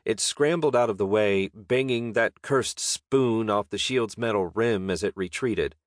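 A man reads a fantasy story in a wry, deadpan voice. His tone sits low and steady. The sound is close and dry, with no room around it. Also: unhurried, few pauses, no room sound. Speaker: narrator. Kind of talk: audiobook narration.

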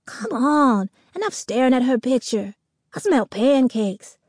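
A secretive fifth-grade boy, hushed and urgent, his voice pitched up high, as a woman reads him in an audiobook. The sound is dry and close. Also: lively intonation, measured pace, dry recording. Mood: eager. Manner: hushed and urgent when whispering.

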